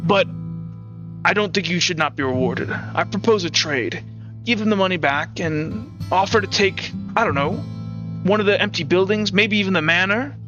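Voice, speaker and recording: A man's voice: high-pitched, lo-fi sound, over music, voice pushed up, close to an everyday voice. A man voicing a hesitant, weary sheriff. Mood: persuasive. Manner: hesitant, measured, earnest. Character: weary middle-aged male temporary sheriff. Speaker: game master voicing a character.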